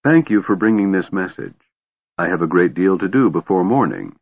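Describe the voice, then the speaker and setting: A man's voice: deep voice, very animated, moderate pace, gravelly, breathy edge, full character voice. A man voicing a proud young elf woman general who speaks coldly and imperiously, on a tinny phone-like recording. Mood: dismissive.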